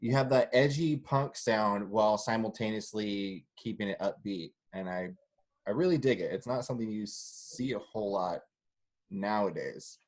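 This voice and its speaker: A man hosting a music podcast interview, chummy and quick to laugh and joke. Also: fairly low pitch. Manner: chummy, laughing, joking asides. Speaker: podcast host. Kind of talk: casual interview chat.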